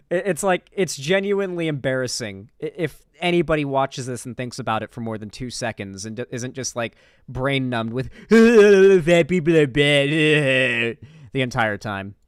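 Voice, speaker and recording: A man's voice: medium pitch, normal speed, fairly bright tone, smooth, no echo, studio quality. A man giving casual reaction commentary on a clip, talking in a loose, profane and incredulous way. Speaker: political commentary streamer.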